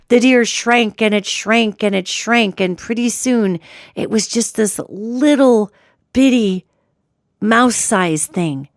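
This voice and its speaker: A middle-aged woman hosting a radio show, telling a story in a chatty, animated way with restarts. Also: mid-range voice, no echo, studio quality. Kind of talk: casual storytelling monologue.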